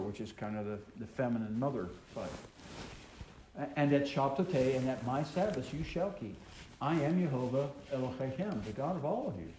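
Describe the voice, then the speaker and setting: A man leads a scripture study, reading each verse aloud before stopping to explain it, often pausing with an um or uh. His voice is mellow and warm. The recording carries a roomy echo with a faint hiss underneath. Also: mid-range voice. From American South. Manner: reads scripture aloud then explains it, with many ums and uhs. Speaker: Bible teacher. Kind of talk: Torah study teaching. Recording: echoey room with faint noise.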